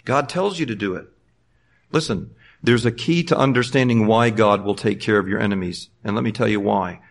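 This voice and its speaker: A middle-aged man preaching a sermon. He moves between loud, fervent exhortation and quiet, conversational storytelling. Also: lowish voice, normal speed, gravelly.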